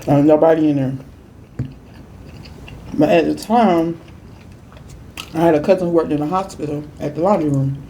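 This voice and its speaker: A woman food vlogger chatting through a storytime while she eats, with emphatic repeats and lively quoted voices. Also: low voice, moderate pace, pauses often, slight background noise. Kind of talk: casual storytime while eating.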